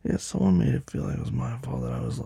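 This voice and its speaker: A man's voice: medium pitch, huge pitch swings, quick pace, vocal fry, warm tone, slightly rough, no echo, clean studio sound. A man performing a dominant audio role-play, commanding and teasing, sometimes dropping to a whisper. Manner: drops to a whisper at times.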